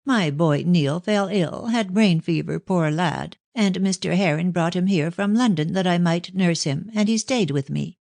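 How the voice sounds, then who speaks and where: A woman's voice: lowish voice, a little slow, gravelly, hardly any pauses, dry recording. A woman voicing a talkative old nurse who fusses over a girl with fond, confiding talk. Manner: warm and fussing, with "my dear".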